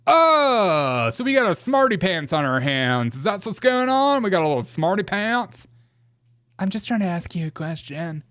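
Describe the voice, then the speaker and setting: A man's voice: medium pitch, lively intonation, slow, few pauses, bright, forceful tone, smooth, dry recording, clean studio sound. A man putting on a huffy, furious woman politician. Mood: indignant. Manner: mocking, exaggerated, huffy. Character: indignant, furious woman politician snapping at a reporter.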